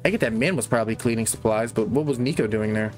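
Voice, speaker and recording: A man's voice: medium pitch, fast talker, darkish tone, soft background music. Man reading game dialogue aloud. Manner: reads character lines aloud, breaking off to comment and laugh. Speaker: gaming channel host.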